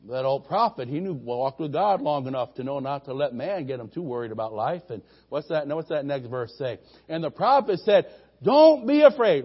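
A man with a high voice preaches to his congregation, climbing into loud, emphatic bursts before falling back to soft, conversational asides. The recording is dull and muffled, like old lo-fi church audio. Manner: preaching with sudden loud rising peaks and quiet asides. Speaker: pastor. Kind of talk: sermon.

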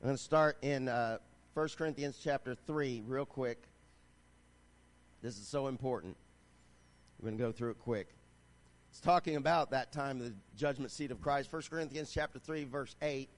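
A man's voice: mid-range voice, moderate pace, pauses often. A man preaching a sermon, reading scripture and calling out to the congregation with rising fervor. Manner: reads scripture aloud, asks the crowd "Amen?". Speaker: pastor.

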